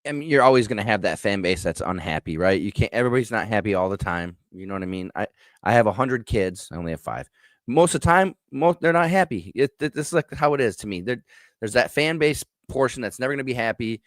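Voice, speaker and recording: Low-voiced Upper Peninsula man, frank. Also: lively intonation, fast talker, no echo, studio quality. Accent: Upper Peninsula Michigan. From Upper Peninsula of Michigan. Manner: opinionated, frank, stammering restarts. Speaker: sports show guest. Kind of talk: casual sports talk.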